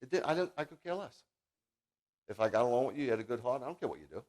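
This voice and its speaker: Animated, jokey male rabbi preaching. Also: mid-range voice, racing. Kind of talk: sermon with personal storytelling.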